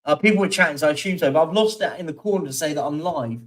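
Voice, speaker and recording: A chatty man with a fairly high voice hosts a live stream from home, meandering through numbers and comments with plenty of ums. His voice sits a little back from the mic. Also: rapid-fire, distant mic. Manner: rambling, chatty, reads out stats with many fillers. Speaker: livestream host. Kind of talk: casual live-stream chat reading viewer comments.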